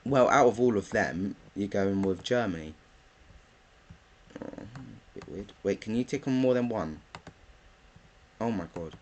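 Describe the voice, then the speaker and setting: A man's voice: lowish voice, a little slow, pauses often, slight background noise. A young man, chatting casually through his football predictions, thinking aloud with lots of ums. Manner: rambling, thinks aloud with many ums, bursts into excited chanting. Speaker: football vlogger.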